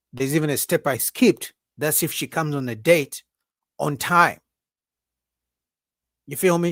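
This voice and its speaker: With no echo and a clean studio sound, a man hosts a livestream, giving an animated, casual, emphatic opinion piece. He repeats himself, tosses in asides like "right?", and mocks women's voices by pitching up high.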